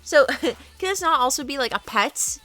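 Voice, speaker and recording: Young woman art streamer, lively high voice, giggly and chatty, faint music under her. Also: moderate pace, no room sound. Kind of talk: casual live-stream chat.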